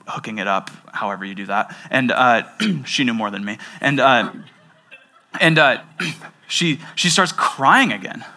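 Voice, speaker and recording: A young man, a pastor, preaching a sermon and telling a personal story in an animated way, with frequent restarts. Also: medium pitch.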